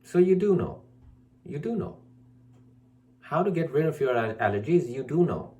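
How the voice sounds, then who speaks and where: This man's voice is dark and sing-song, moving at a moderate pace. Acting as a spiritual teacher, he addresses the camera in an emphatic, preachy tirade, repeating himself and imitating others' excuses in a high, whiny mockery.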